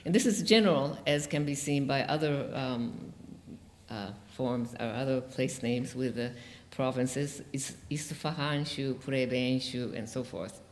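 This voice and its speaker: Conference lecturer, mid pitch, halting delivery with many fillers, recorded in an echoing lecture room. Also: slight background noise. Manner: hesitant, many "um"s and "okay?" checks. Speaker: linguistics lecturer. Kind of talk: academic conference talk. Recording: reverberant lecture hall.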